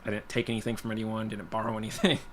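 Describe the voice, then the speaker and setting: A man's voice: lowish voice, completely flat delivery, racing, fairly bright tone, slight background noise. A man hosting a casual stream, telling a personal story in a rambling, blunt way full of "you know" and "like". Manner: blunt, plainspoken. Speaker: guitar livestream host.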